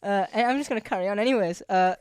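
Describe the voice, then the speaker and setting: A woman's voice: medium pitch, rapid-fire, a little mellow, smooth, no echo, studio quality. A young adult woman co-hosting a casual podcast, laughing often and acting out scenes. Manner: laughs often, acts out scenes in silly voices. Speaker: podcast co-host. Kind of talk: casual chat.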